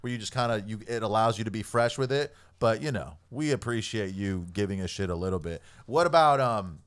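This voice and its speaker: A man's voice: lowish voice, expressive, a little fast, clean tone. A man hosting a comedy podcast, asking questions in a laid-back way and swearing casually. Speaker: podcast host. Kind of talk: casual interview chat.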